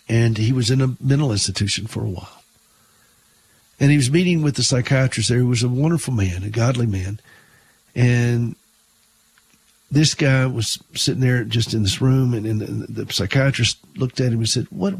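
A man's voice: medium pitch, slightly rough. A middle-aged man hosting a Christian radio talk show, telling stories and preaching earnestly, often repeating words when emphatic.

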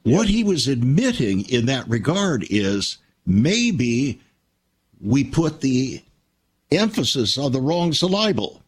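An older man hosting a Christian radio talk show, telling stories in a measured, reflective way. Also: mid-range voice, big pitch swings, slightly rough.

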